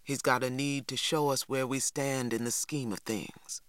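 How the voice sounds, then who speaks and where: A man voicing a stern, weary farmer father who speaks low, quiet and clipped. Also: steady tone, moderate pace, smooth, no echo, lightly acted. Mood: grim.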